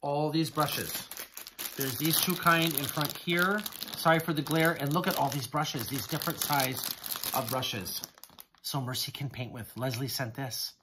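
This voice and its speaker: A man talks to his camera at home as he unpacks gifts, gushing over each one in an exclamatory way. His excitement carries through every line, with frequent gasps of amazement. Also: medium pitch, unhurried, noisy background. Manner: gushing, exclamatory, keeps repeating "oh my goodness". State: excited, hands shaking. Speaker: haul vlogger. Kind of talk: casual unboxing chat to camera.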